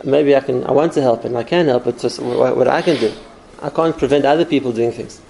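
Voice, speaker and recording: A man's voice: mid-range voice, fast, gravelly, dark tone, slight background noise, rough recording. A man giving an earnest spoken Torah class, explaining step by step with numbered points. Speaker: Torah teacher.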